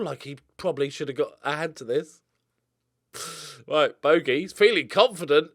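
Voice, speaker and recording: A young man giving casual gameplay commentary, excitable, swinging from mumbled asides to loud outbursts. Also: on the high side, moderate pace, pauses often, dry recording, clean studio sound. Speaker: gaming YouTuber.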